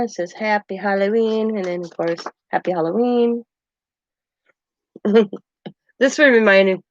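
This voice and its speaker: An older woman with a mid-range voice hosts a craft channel, chatting at home in a rambling, meandering way and chuckling often. The recording is dull, dry and lo-fi.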